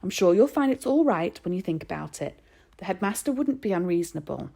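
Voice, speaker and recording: A woman voicing a proper, firm mother who speaks briskly and a little sharply in a storybook reading. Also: lowish voice, big pitch swings, vocal fry, warm tone, heavily acted.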